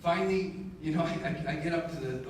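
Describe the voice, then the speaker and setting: A man giving a live motivational keynote in a large conference hall, telling a story in an animated, emphatic way with self-deprecating humor. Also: fairly high pitch, quick pace, a little hiss or hum. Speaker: motivational speaker. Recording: echoey hall, distant mic, audible room ambience.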